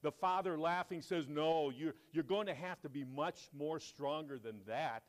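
Guy preaching a story in church, gets loud on the quotes then drops quiet. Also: measured pace. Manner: animated, voice rising for quoted lines and dropping low for reflection. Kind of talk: sermon storytelling.

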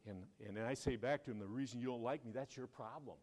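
A man preaching a sermon to his church, telling stories in a conversational way and rising to loud, emphatic peaks. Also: on the low side, fast talker, hardly any pauses. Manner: conversational storytelling, asks the congregation questions. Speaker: pastor.

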